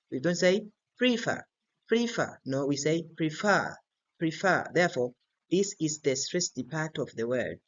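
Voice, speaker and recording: A man's voice: on the high side, a bit bright. A man teaching an English grammar and pronunciation lesson, repeating each word several times to model its stress. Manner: slow and deliberate, repeats words many times to model stress. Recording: slightly dull lo-fi recording.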